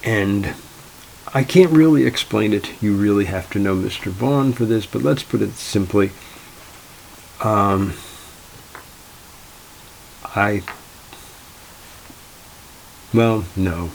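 A man's voice: fairly low pitch, slow, creaky, pauses often, a little mellow, a little hiss or hum, rough recording. A man, a tournament organizer, telling anecdotes in a wry, dry, exasperated way. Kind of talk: anecdotal storytelling.

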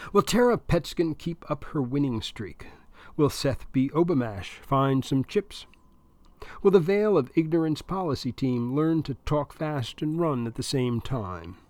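A man narrating a comic serialized story in a wry, deadpan way. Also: a little high, no echo.

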